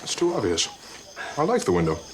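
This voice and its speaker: Deep laid-back masked hero. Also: male voice, huge pitch swings, brisk, darkish tone. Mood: smug. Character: masked jungle hero, young man, calm and smug. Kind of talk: film dialogue. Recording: noisy film clip audio.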